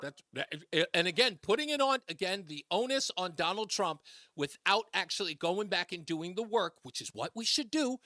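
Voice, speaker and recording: A man's voice: sits high, expressive, normal speed, sharp tone, dry recording, studio quality. A male radio talk show host on a political call-in show, emphatic and repeating phrases for effect. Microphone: studio microphone.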